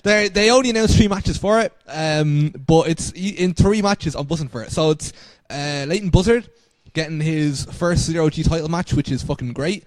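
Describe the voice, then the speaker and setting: A man co-hosting a wrestling podcast, excitable, swearing casually. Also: a little high, normal speed, hardly any pauses, no echo. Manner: excitable, swears, laughs between remarks. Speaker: podcast co-host.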